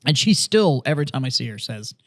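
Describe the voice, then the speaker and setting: A man co-hosting a podcast, telling stories in casual, profane, animated chat. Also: medium pitch, quick pace. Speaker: podcast co-host.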